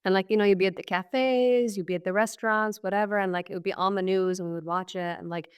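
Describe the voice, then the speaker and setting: A woman's voice: mid-range voice, fairly even intonation, quick pace, clean tone, highs cut off. A woman in her thirties from Syria, a guest on an interview podcast, thoughtfully recounting her past in a casual, reflective way full of fillers. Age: 30s. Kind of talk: personal testimony in conversation.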